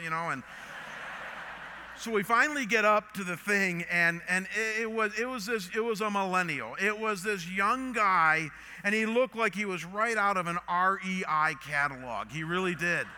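A middle-aged man, a pastor, telling a story in a sermon and then praying, animated and full of restarts. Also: high-pitched, normal speed, slight background noise. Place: church auditorium. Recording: long hall reverb.

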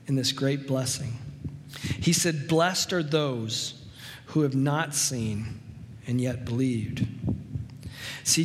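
A man preaching a sermon in a conversational way, telling stories and slowing down for emphasis. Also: fairly high pitch, big-room sound. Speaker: pastor.

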